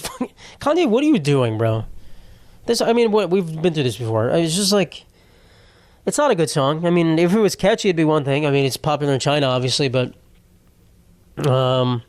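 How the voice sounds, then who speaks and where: A man's voice: fairly high pitch, no room sound. A young man hosting a solo comedy podcast, rambling and sarcastic, laughing through his sentences, his throat a little sore.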